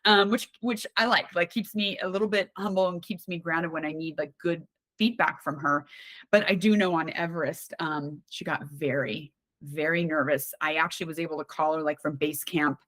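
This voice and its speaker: A woman with a low-set voice talks as a podcast guest. She tells her stories in a candid, animated way, often restarting her sentences. The recording is dry and close. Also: normal speed, dry recording. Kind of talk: casual conversational storytelling.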